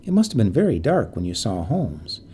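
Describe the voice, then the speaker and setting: A man voicing a gentle young woman, an earnest and fond daughter, in a storybook reading. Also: on the low side, huge pitch swings, moderate pace, slightly rough, full character voice. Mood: polite.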